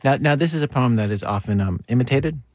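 A man's voice: mid-range voice, lively intonation, fast, a little mellow, no echo. A man hosting a radio show, chatting with a guest and introducing segments. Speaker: radio host. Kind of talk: scripted radio presenting and chat.

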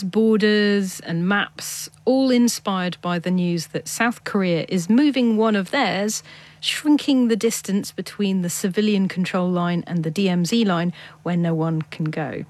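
Woman hosting a radio show, chatty and brisk, introduces guests and topics. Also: medium pitch, a little mellow. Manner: brisk, conversational linking. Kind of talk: radio presenting.

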